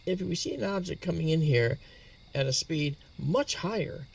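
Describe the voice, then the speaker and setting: Gravelly man explaining astronomy. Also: a little high, lively intonation, normal speed, far from the mic. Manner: patient and explanatory, spells out terms. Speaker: astronomy guest expert. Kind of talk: explanatory interview talk.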